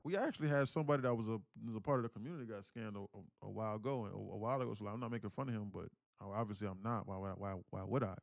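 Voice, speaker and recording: A man's voice: lowish voice, rapid-fire, creaky, few pauses, dry recording, faint music behind. A man hosting a live day-trading stream in casual chat, telling stories and acting out the voices of the people he quotes. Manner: animated storyteller who acts out quoted voices.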